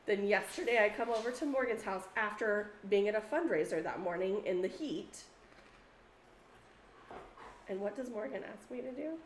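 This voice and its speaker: Animated swearing woman storyteller. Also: medium pitch, moderate pace, long pauses, reverberant, slight background noise. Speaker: podcast co-host. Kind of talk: casual chat.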